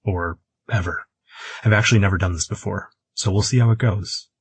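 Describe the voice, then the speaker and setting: A man voicing an earnest young man, blustering but unsure of himself, in a plain husky voice. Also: lowish voice, brisk, dry recording.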